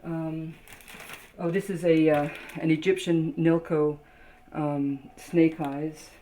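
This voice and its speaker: Low-voiced woman rambling over noisy video. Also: level tone. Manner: halting, lots of ums and restarts, reading out labels. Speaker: toy collector. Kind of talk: casual show-and-tell narration.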